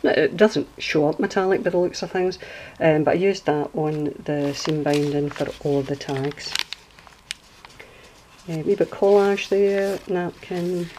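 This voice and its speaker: A Scottish woman with a low, deep voice chats her way through a craft project at home. She rambles easily between asides, like a host talking to her regular viewers. A faint hiss sits under the recording. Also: unhurried, a little mellow, poor audio. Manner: chatty, rambling, homely asides. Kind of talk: casual craft walkthrough. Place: at home indoors.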